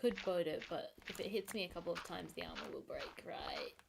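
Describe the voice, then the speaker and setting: A woman's voice: lowish voice, a little fast, gravelly, noisy background. A woman streamer chatting to herself with wry asides while playing a game. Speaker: gaming streamer. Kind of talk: casual gameplay commentary.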